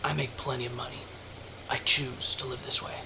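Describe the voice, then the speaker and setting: A man's voice: medium pitch, flat delivery, moderate pace, gravelly, natural voice. A man voicing a reclusive male drug dealer in an audiobook, giving short, clipped replies. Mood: guarded. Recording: dull lo-fi with faint hiss.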